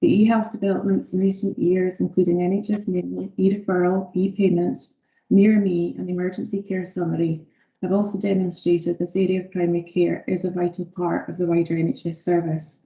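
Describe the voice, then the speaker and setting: Woman presenting in a dark echoey room. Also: fairly low pitch, flat delivery, brisk. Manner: reads prepared text with fillers. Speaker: optometry lead presenting to a health board. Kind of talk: formal presentation. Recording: echoey dull video call audio.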